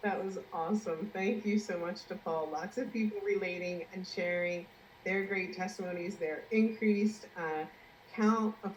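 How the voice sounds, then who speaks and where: Woman host, enthusiastic and encouraging; slightly low voice, echoey room. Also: slight background noise. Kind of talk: live online session hosting.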